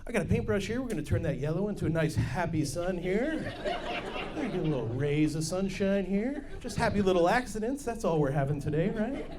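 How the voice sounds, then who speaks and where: A calm, soothing male painter murmurs lower and softer than the comedian's usual voice, with a slow and reassuring delivery. The sound is lively but gentle. It is a man putting on the voice on stage in a comedy club. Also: noisy background.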